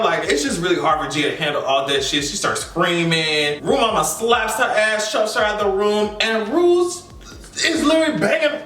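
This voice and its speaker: Loud, sassy high-voiced man. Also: animated, a little fast. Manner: loud, profane, sassy, acts out quotes. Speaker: reaction channel host. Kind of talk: animated recap of a TV episode. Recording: roomy, distant mic, faint music.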